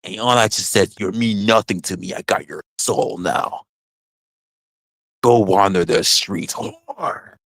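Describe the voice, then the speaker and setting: A livestream host acting out a boastful reformed soul snatcher confessing to a support group, with a slangy drawl. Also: male voice, on the low side, takes it slowly, vocal fry, fairly bright tone, no echo, pitched below the performer's own voice, exaggerated voice, low-quality recording. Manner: swaggering, drawling storyteller with street slang. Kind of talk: comedic improvised skit on a livestream.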